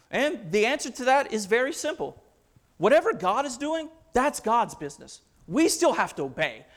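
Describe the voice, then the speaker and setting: A pastor preaching a sermon with passion, building through rhetorical questions and quoted scripture. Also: male voice, very high-pitched, big pitch swings, normal speed, fairly bright tone.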